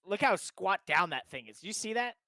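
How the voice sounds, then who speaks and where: A man hosting a live sim racing broadcast, calling laps with excited play-by-play and repeating his hype lines. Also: sits high, moderate pace, no echo. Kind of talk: live race commentary.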